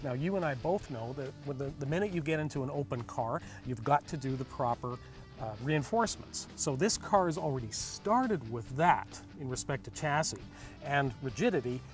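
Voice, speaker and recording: A man's voice: medium pitch, lively intonation, moderate pace, soft background music. A man co-hosting a car review show, explaining features in an enthusiastic, chatty way.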